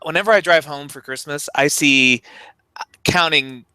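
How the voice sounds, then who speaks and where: A man co-hosting a podcast and chatting in a relaxed way, with lots of filler words. His voice is bright and a little tense. The recording is dry and close. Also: fairly high pitch, moderate pace, smooth, no echo, poor audio. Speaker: podcast co-host. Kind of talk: casual conversational podcast.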